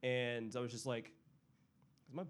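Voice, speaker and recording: A young man telling a personal story in casual chat, animated and full of fillers, acting out family members' voices. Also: medium pitch, measured pace, a little hiss or hum.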